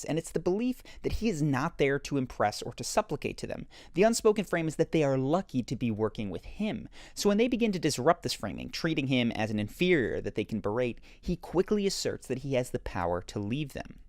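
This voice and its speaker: A man narrating a scripted video essay in a measured, explanatory way. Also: mid-range voice, very animated, a little mellow, no echo, studio quality. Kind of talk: scripted narration analyzing show clips.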